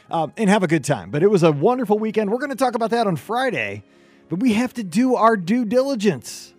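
A man hosting a podcast in upbeat chat, his voice a little hoarse from cheering. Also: high-pitched. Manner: energetic, enthusiastic. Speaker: podcast host.

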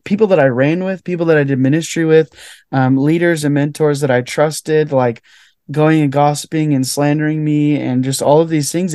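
A young man speaks as a podcast guest, telling a personal story with heartfelt earnestness and a steady stream of "like" fillers. His voice sits a little high for a man, and the sound is dry and close, with no room echo. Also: normal speed. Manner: heartfelt, fills speech with "like". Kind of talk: earnest personal testimony in conversation.

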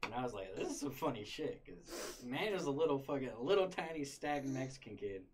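Young man, casual storyteller, profane, animated delivery, faint background noise. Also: mid-range voice, a little fast. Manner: profane, animated, laughing retelling.

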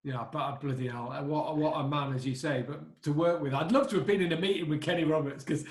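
A man's voice: on the high side, fairly even intonation, brisk, roomy sound. A man hosting a casual interview, marvelling enthusiastically at the story.

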